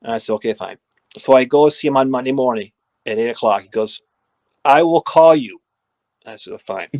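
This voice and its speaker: A middle-aged man tells stories from his years as an equipment manager, slipping into the voices of the people he quotes. His pitch sits in the middle and the sound is dry and close. He is animated and talks like a natural storyteller. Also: moderate pace, dry recording. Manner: lively anecdotes, acting out quoted dialogue. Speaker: former assistant equipment manager, guest. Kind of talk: storytelling in a podcast interview.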